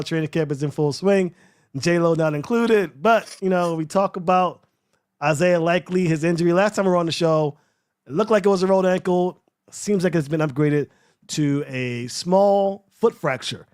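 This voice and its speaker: A man's voice: on the high side, darkish tone, clean tone. A man hosting a casual sports podcast, steering the conversation, leading into topics and putting questions to his co-hosts. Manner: laughs easily, steers the conversation. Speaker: podcast host.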